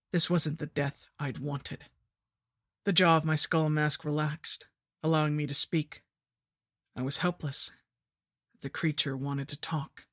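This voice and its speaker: A woman narrating a horror story in the first person, with a measured, grim delivery. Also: sits low, little pitch movement, fairly bright tone, no room sound, studio quality. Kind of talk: scripted narration.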